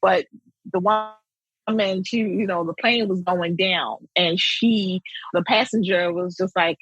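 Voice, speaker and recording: Very husky woman, emphatic interview guest. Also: medium pitch, unhurried, dry recording, highs cut off. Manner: emphatic and animated, with repeated phrases. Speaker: school principal, guest. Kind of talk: interview conversation.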